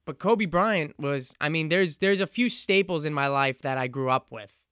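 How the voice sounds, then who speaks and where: A man in his twenties hosting a solo podcast, talking in an earnest, reflective and halting way. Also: a little high, a bit bright, clean tone, no room sound, clean studio sound. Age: 20s. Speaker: podcast host. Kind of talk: casual solo podcast monologue.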